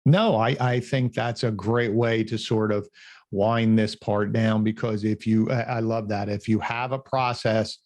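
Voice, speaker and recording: A man's voice: lowish voice, fairly even intonation, unhurried, a little mellow. A man hosting an interview podcast, talking with enthusiasm and asking wrap-up questions. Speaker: podcast host. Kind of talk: interview conversation.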